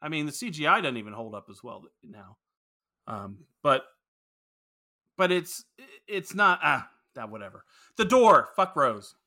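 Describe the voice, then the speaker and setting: A man's voice: fairly high pitch, big pitch swings, a little slow, pushed and bright. A man co-hosting a podcast in casual film-review chat, rambling, opinionated and profane. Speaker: podcast co-host.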